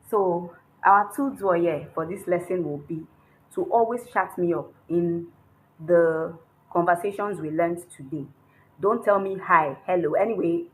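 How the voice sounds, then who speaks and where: A woman's voice: on the low side, a little hiss or hum, poor audio. A woman teaching a beginners' Chinese lesson, explaining patiently while writing characters and often checking in with a questioning "hmm?". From Nigeria.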